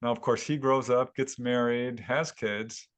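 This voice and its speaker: A man, a guest author, telling a story at length in a casual interview, animated and laughing now and then. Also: medium pitch, measured pace. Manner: animated retelling with chuckles. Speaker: guest author and UFO investigator.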